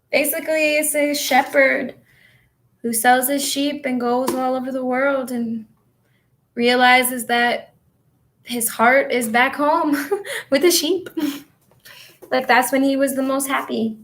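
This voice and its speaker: A woman's voice: high voice, fairly even intonation, slow pace, long pauses, fairly bright tone. A woman vlogging in a casual, rambling way while she tidies her office, chatting and answering comments from her viewers. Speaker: vlogger and spiritual coach.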